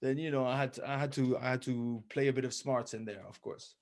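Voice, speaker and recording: A man, a former rugby player, chatting as a guest on a podcast and telling lively anecdotes that he laughs through. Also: medium pitch, a little fast. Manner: animated storyteller who laughs through his anecdotes. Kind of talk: casual podcast chat, storytelling.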